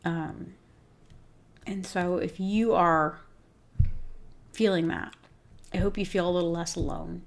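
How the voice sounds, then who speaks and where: A woman's voice: on the low side, fairly even intonation, takes it slowly, gravelly, pauses often. A woman hosting a livestream for groomers, speaking candidly and emotionally while teary-eyed, reading viewers' comments aloud. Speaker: host of a groomer business show.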